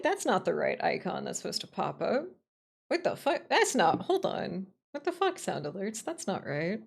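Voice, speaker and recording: A woman streamer in casual livestream chat, excitable, swearing freely and swinging between squeals and grumbles. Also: mid-range voice, moderate pace, gravelly, breathy edge.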